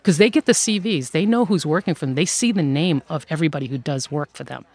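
Woman, business owner, interview guest, animated storytelling, frequent laughter. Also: deep voice, fast talker, slightly rough, no echo. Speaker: owner of an outsourcing firm.

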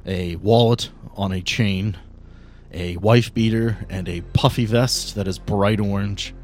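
Man game master narrating a tabletop game, loose and joking, faint music behind. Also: fairly low pitch.

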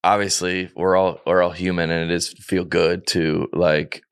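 A man hosts a podcast in a very low voice. He talks casually and haltingly, with lots of fillers. The sound is dry and close. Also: little pitch movement, clear, resonant tone, no echo. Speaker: podcast host. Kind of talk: casual conversation.

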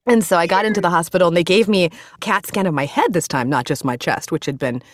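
A middle-aged woman in casual conversation, telling a story fast and with energy and acting out the voices of other people. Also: lowish voice. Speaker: interview guest.

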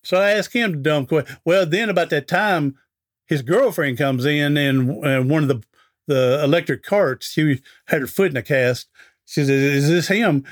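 A man's voice: fairly high pitch, normal speed. A middle-aged man, a guest on an interview podcast, telling a folksy anecdote in a chatty way and acting out the dialogue. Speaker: interview guest, author and speaker.

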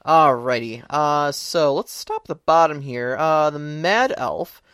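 A man co-hosting a tabletop gaming podcast in casual chat, halting with many fillers and restarts. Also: fairly high pitch, fairly bright tone, clear, resonant tone, no room sound, clean studio sound. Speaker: podcast co-host and game master.

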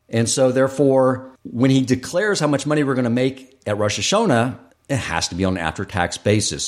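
A man hosting a podcast, talking through his views in an earnest, thoughtful, storytelling way. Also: mid-range voice. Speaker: podcast host. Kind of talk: reflective podcast monologue.

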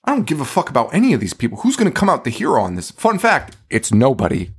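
A man's voice: mid-range voice, rapid-fire, husky. A man co-hosting a podcast, chatting casually and swearing a lot as he acts out scenes from a movie. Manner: animated, profane, acts out quotes from the movie. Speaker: podcast co-host. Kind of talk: casual chat.

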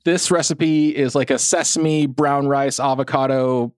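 A man's voice: mid-range voice, steady tone, measured pace, darkish tone, clear, resonant tone, dry recording, studio quality. A young man co-hosting a podcast in casual chat, laughing often and swearing offhandedly. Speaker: podcast co-host.

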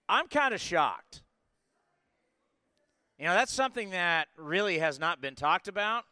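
A man in his forties hosting a live sports talk show, talking in an energetic, rambling way with lots of asides. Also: on the high side, dry recording. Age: 40s. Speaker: sports podcast host.

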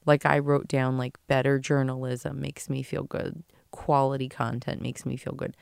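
A woman's voice: a bass voice, creaky, a little mellow, smooth, no echo, studio quality. A woman hosting her own podcast, giving an earnest, emotional motivational talk and swearing casually. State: tearful at times. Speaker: podcast host.

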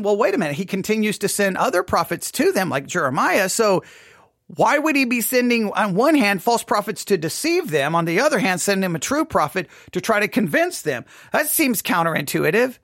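A man leading an informal Bible study lesson, animated and questioning, acting out imagined objections. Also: high voice, normal speed, no echo, clean studio sound.

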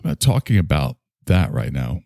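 A man voicing a rambling, low-voiced figure who calls himself messy and imperfect, philosophizing with halting restarts in an improvised comedy bit. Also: very animated, gravelly, a little mellow, no room sound, studio quality, exaggerated voice.

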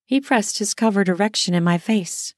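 A woman narrating a first-person erotic audio story in an intimate, soft, drawn-out manner. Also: mid-range voice, no room sound, studio quality.

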